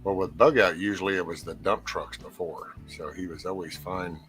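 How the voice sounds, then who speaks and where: A man hosting a casual online chat, joking and riffing in a relaxed way. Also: low-pitched, normal speed, soft background music. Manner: joking, riffs on tech trouble. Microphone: online call.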